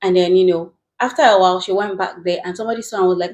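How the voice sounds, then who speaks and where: A woman host talks casually, leading viewers into a clip she is about to play. Her voice sits at a middle pitch, and she chats with the audience directly. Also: racing, hardly any pauses, darkish tone. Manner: chatty, addresses viewers directly. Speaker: channel host. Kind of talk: casual story introduction.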